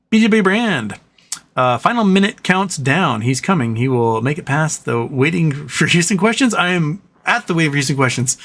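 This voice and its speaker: A man's voice: a little high, a bit bright. A man hosting a live stream, chatting casually and reading viewer comments, with a sarcastic, ranting, profane manner. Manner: ranting, sarcastic, profane, reads chat messages aloud. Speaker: livestream host.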